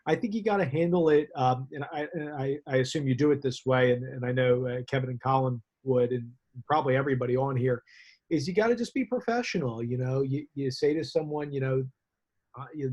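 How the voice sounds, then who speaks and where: Man hosting a zoom chat, mid-pitched voice, lots of uhs, calm and measured. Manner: measured, many fillers. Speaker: host. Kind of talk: casual advice on a video call. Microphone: video call.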